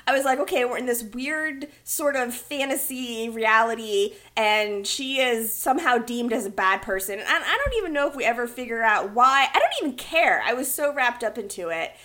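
A woman co-hosting a casual movie review chat, animated and exasperated, laughing often. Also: on the high side, moderate pace, hardly any pauses. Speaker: podcast co-host.

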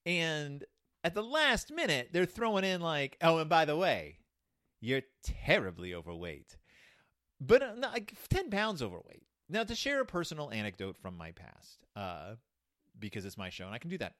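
A man hosting his own show, recapping a children's book with playful, animated retellings of its scenes. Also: on the high side, normal speed, no echo, clean studio sound. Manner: animated, playful, acts out quotes. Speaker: podcast host.

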